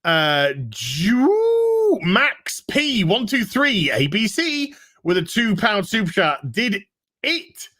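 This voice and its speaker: A man's voice: sits high, takes it slowly. A man, casually reading viewer messages on a livestream with jokey asides and sudden outbursts. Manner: animated, jokey, with sudden shouts. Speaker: livestream co-host reading super chats.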